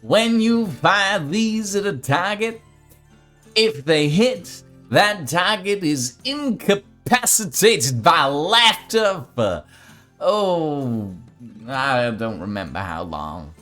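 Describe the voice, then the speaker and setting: Eccentric old shopkeeper, male, played by a man, high and swooping, slow sing-song delivery, accent that wanders. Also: big pitch swings, a bit bright, faint music behind, exaggerated voice. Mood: gleeful. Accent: wobbly put-on accent of no fixed place. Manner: drawn-out, sing-song, relishing his wares. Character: gleeful old male arrow merchant, eccentric.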